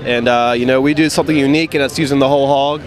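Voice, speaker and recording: Fast-talking barbecue guy. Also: medium pitch, steady tone. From North Carolina. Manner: rambling, lots of fillers. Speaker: barbecue team member. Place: outdoors at a food festival. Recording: crowd noise at an outdoor festival.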